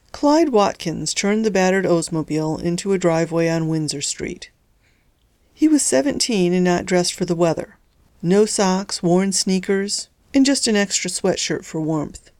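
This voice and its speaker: A woman author narrating her own novella in a lively, lightly humorous storytelling manner. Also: on the low side, no room sound, clean studio sound. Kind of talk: scripted narration of a serialized story.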